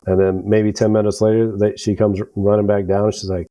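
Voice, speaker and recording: Middle-aged American veteran guest, deep dark voice, profane and rambling storyteller. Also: male voice, fairly even intonation, brisk, hardly any pauses, no echo, poor audio. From United States. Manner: rambling, profane, acts out quoted dialogue. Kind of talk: casual storytelling.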